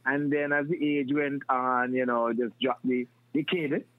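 A man's voice: medium pitch, a little slow, no echo. Man on a tinny line. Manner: animated, restarts often, breaks into impressions. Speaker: guest. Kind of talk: casual storytelling. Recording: dry, tinny phone-like sound.

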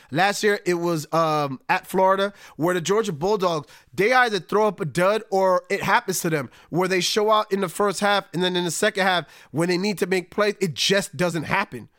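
A man hosting a solo sports podcast, talking animatedly and swinging between excited highs and low, resigned asides. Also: dry recording, studio quality. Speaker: podcast host.

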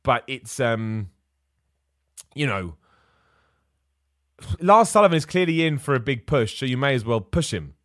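A man's voice: mid-range voice, no room sound, clean studio sound. A young man hosting a wrestling chat stream, answering viewer questions in a casual, opinionated way that turns heated at times. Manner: opinionated, animated, quick to get heated.

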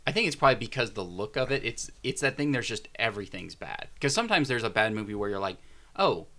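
A man's voice: lowish voice, expressive, fast, pushed and bright. A man co-hosting a podcast in casual chat, easygoing and agreeable. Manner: easygoing, agreeable, brief backchannels. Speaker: podcast co-host.

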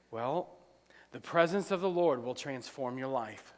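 A man preaching a sermon, acting out dialogue, swinging from loud to quiet. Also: mid-range voice, animated, a little slow. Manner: preaching, acts out dialogue, rises loud then drops quiet. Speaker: pastor. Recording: long hall reverb.

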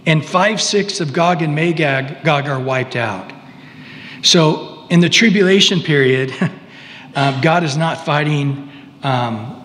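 A man's voice: medium pitch, a bit bright, a little hiss or hum. Conversational male preacher, hall reverb. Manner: conversational, halting, with asides. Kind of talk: sermon.

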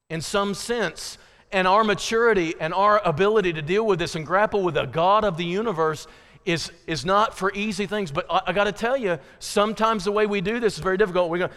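An American man preaching a sermon as pastor, swinging from loud, rising passion to low, intimate appeals. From United States. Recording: hall reverb.

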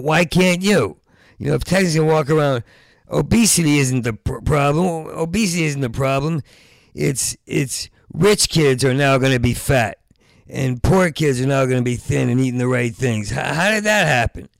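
A man's voice: mid-range voice, vocal fry, no echo, studio quality. An older man with Parkinson's telling a rambling, profane comic monologue, stammering and repeating sounds and trailing off into mutters. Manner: stammering, halting, repeats sounds at word starts. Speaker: stand-up comedian.

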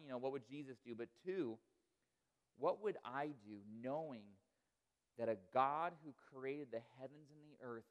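Earnest man preaching in a ringing hall. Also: medium pitch. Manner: earnest, expressive storytelling with rhetorical questions. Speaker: pastor. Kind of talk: sermon. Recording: reverberant hall.

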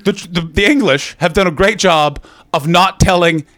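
Male stand-up, higher voice, swears freely, bounces off the crowd on a club mic. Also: normal speed. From North America. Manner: profane, animated riffing with the crowd. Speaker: stand-up comedian. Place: comedy club stage.

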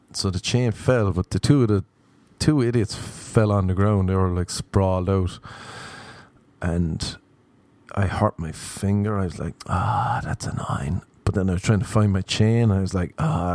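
A young Irish man telling a rambling, crude anecdote in a deadpan storytelling monologue. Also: low voice, no echo. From Ireland.

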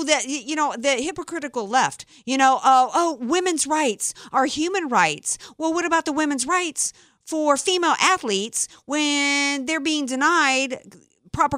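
A woman's voice: high voice, fairly bright tone, no echo, studio quality. A woman hosting a political talk radio show, chatty and opinionated. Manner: opinionated, chatty, reads statements aloud.

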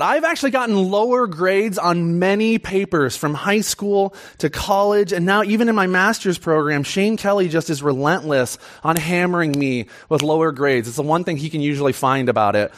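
A young man preaching a sermon in an excitable, chatty, self-deprecating way. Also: high voice.

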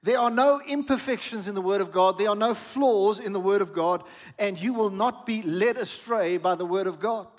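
A middle-aged male pastor preaching with a high, bright-pitched voice, full of storytelling and sudden exclaims to the people in front of him. His voice rings through a church hall with a long reverb tail. He talks warmly and urgently, pushing the congregation to respond. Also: normal speed. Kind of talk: sermon.

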